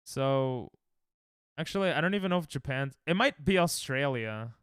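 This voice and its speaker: This young American's mid-range voice is expressive, smooth and a bit bright, delivered at a normal speed. Streaming a geography guessing game, he thinks out loud and trash-talks his chat in relaxed chatter, captured as a dry, clean studio recording.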